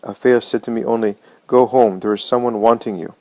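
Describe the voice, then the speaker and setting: A man reading as a grave, gentle mother. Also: steady tone, no room sound, lightly acted, rough recording. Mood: kind. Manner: slow, low, serious reproach.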